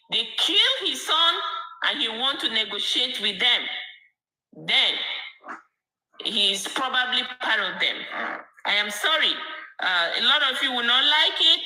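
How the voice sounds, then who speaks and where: A woman commentator in a heated late-night rant, hammering each point and repeating herself. Her voice sits high and very bright, swinging widely as she presses on. The room around her rings with echo. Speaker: online commentator.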